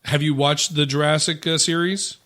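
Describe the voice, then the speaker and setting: A man's voice: a little high, steady tone, moderate pace, a bit bright. A man co-hosting a podcast, trading playful, teasing banter about films. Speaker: podcast co-host. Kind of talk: casual podcast chat.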